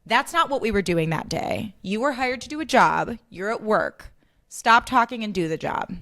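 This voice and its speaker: Animated, fired-up woman hosting a solo podcast. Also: medium pitch, normal speed. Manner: animated, swears freely, worked up. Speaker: podcast host. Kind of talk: solo podcast, casual rant.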